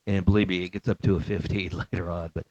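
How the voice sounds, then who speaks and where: A man's voice: deep voice, little pitch movement, fast talker, dark tone. A man telling a story casually, rambling and cursing, with many fillers and restarts. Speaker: Marine veteran telling a story. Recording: dull, slightly lo-fi sound.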